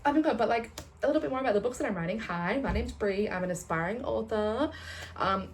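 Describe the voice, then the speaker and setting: A young woman chatting casually in a rambling, excitable way, often swearing and laughing as she vlogs. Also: mid-range voice, slight background noise. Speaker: booktuber.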